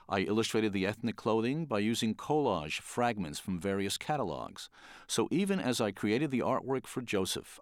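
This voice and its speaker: An older man from the Bronx, a children's book illustrator, giving an animated, wry storytelling talk. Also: lowish voice, no echo, clean studio sound. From the Bronx, New York.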